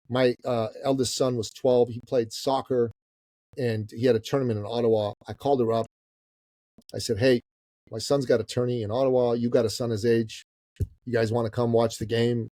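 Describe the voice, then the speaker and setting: A man in his fifties, from Iran, telling a story as a guest on an interview podcast, animated, swearing casually and calling the host "bro". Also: mid-range voice, dry recording, studio quality. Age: 50s. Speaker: guest, business coach.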